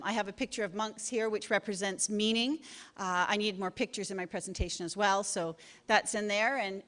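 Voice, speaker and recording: A woman's voice: mid-range voice, fairly bright tone, big-room sound. A woman giving a short humorous talk on advertising to a live audience, with wry asides. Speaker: presenter.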